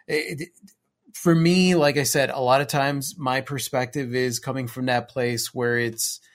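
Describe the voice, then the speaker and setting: A man co-hosting a live art stream in casual chat. He is jokey and animated and breaks into exaggerated silly voices. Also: mid-range voice, unhurried.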